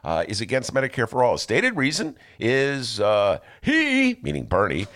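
A man hosting a political talk show, sarcastic and animated, laughing often as he comments. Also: medium pitch, normal speed.

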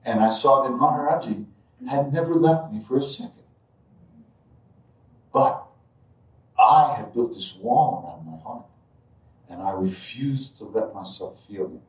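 A man telling a personal spiritual story in a reflective way, dropping to near-murmurs and then suddenly bursting loud as he acts out moments. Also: mid-range voice, expressive, a little slow, long pauses. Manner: reflective, drifts quiet then jumps loud when acting out moments. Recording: roomy sound from a distant mic.

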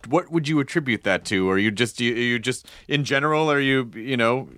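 A man's voice: medium pitch, brisk, a bit bright, no echo, clean studio sound. A male host asking a guest questions casually, restarting and rambling as he goes. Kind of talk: casual interview.

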